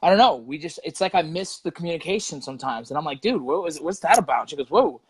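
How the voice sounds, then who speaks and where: Middle-aged male guest, relaxed and profane, filler-heavy talk, slightly higher pitch, dry close mic. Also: fast, breathy edge, dry recording, poor audio. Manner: laid-back, swears, says "you know" and "right" a lot, acts out quotes. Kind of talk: casual interview chat.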